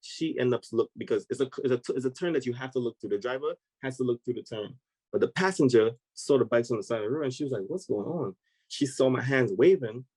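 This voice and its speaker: A man, a podcast guest, telling a personal story in an animated, conversational way and acting out the voices of people in it. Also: mid-range voice, fast, breathy edge, no echo, rough recording. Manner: vivid, acts out voices of people in his story.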